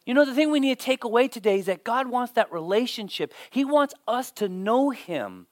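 A man giving a sermon as pastor, telling stories with lively swings and dropping almost to a whisper for emphasis, often repeating words as he starts a sentence. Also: very high-pitched, fairly quick, no echo, studio quality. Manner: animated storytelling, drops to near whisper for emphasis.

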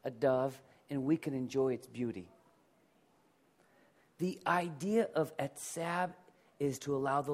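A middle-aged male pastor with a mid-range, slightly mellow voice preaches a sermon conversationally, asking the congregation to repeat words after him.

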